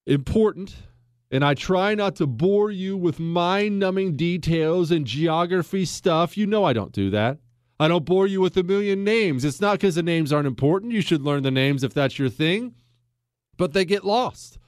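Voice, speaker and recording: An American man hosting a casual history talk, folksy and emphatic, with his pitch and pace swinging widely as he makes a point. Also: no room sound, clean studio sound. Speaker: podcast host.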